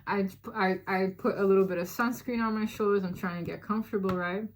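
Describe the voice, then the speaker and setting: A woman casually telling a personal story to her viewers, chatty and animated, with many fillers. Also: mid-range voice, fast talker, slight background noise.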